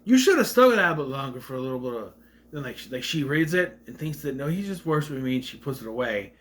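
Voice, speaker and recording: A man's voice: mid-range voice, lively intonation, quick pace, a bit bright, slight background noise. A man giving a casual, rambling movie rant, with a slight stutter, acting out quotes in raised voices. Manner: mentions a stutter. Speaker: movie reviewer.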